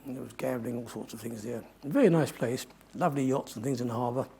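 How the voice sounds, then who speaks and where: A man's voice: mid-range voice, fast, creaky, dark tone, slight background noise. An older man giving a talk to an audience, telling a long adventure story in a rambling way and often correcting himself. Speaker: guest speaker.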